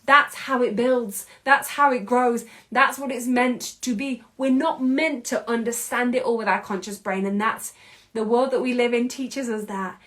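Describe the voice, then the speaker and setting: A woman in her thirties hosting a podcast, giving an emphatic, casual motivational monologue in quick bursts, with the odd mild curse. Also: a little high, fairly bright tone. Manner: casual, with mild swearing and laughs. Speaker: podcast host and anxiety coach.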